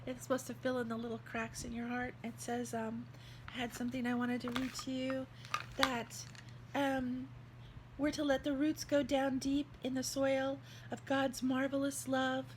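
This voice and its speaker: A woman's voice: high-pitched, little pitch movement, moderate pace, a little hiss or hum, low-quality recording. A woman vlogger talking in an earnest, heartfelt, rambling way about faith. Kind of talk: casual devotional vlog talk.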